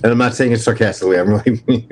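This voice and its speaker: A man's voice: lowish voice, fairly even intonation, quick pace, a little hiss or hum, rough recording. A man with a strong New York accent, hosting a casual livestream chat, brash and profane as he jokes with his viewers. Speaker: livestream host.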